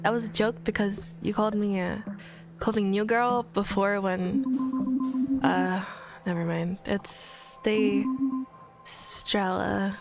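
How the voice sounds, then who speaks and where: A woman's voice: mid-range voice, takes it slowly. A woman voicing a shy new teen girl who fumbles her jokes and trails off in game dialogue. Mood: nervous. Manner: nervous, trailing off, self-correcting. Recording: game music playing behind.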